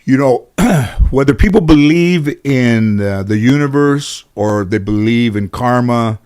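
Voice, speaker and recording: A man's voice: medium pitch, expressive, measured pace, a little mellow, clean tone. A middle-aged American man chats as an interview guest. He tells long anecdotes in a loose, rambling way, full of "you know" and false starts, with a mid-range voice. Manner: rambling, anecdotal, lots of fillers and restarts. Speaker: interview guest, comedian and actor. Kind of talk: casual storytelling in an interview.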